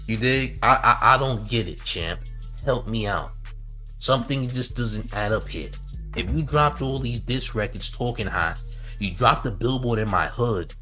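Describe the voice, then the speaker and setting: A man riffs on a livestream, bright-toned and animated. He mocks and reads out chat comments in a loose, casual style. Faint music sits underneath his talk. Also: mid-range voice. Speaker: commentary host.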